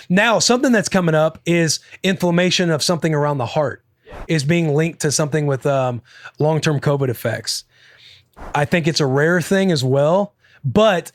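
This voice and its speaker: A young man hosting a podcast, chatting casually, rambling and swearing freely with excitable energy. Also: on the high side, no echo, clean studio sound. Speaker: podcast host. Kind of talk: casual chat.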